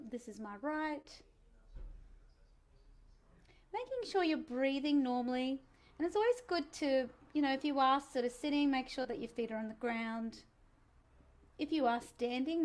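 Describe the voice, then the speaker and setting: A singing teacher leading a relaxed vocal warm-up lesson, chatty and encouraging with self-mocking asides. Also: female voice, high voice, normal speed.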